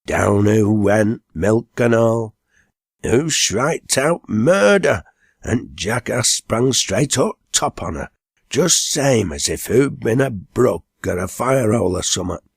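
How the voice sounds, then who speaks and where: A man's voice: fairly low pitch, slow, creaky, slightly rough, no echo, studio quality, exaggerated voice. A man doing a rambling, jittery Lancashire farmhand. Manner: rambling, excitable dialect tale.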